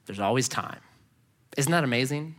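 A male pastor giving a sermon, telling a personal story in an animated way and acting out the voices of the people in it. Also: medium pitch, moderate pace, long reverb tail.

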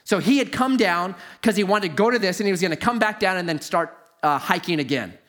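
A middle-aged man telling a personal story in a lively, exaggerated way, swinging into loud disbelief. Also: high voice, fairly quick.

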